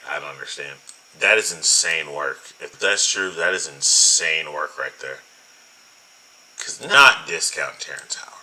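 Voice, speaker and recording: Give me a deep, bright-voiced man ranting in reaction commentary. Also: poor audio. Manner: incredulous, profane, emphatic. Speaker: commentary host.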